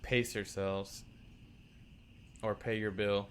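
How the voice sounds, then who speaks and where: Brief: man reading as a blunt middle-aged barkeep, slow and stern, reproachful. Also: fairly low pitch, little pitch movement, a bit bright, slight background noise. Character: gruff middle-aged male bartender keeping tabs.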